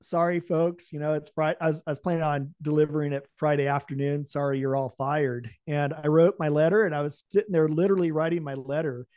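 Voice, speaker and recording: A man's voice: on the high side, brisk, hardly any pauses, no echo. A man, a podcast guest, telling a personal story and acting out the dialogue with laughs. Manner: animated, acts out the dialogue of his story with lively laughs.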